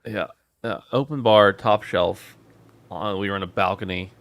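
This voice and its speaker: A man's voice: fairly low pitch, moderate pace, fairly bright tone. A man hosting a gaming podcast, chatting casually and joking around as he runs the show. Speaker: podcast host.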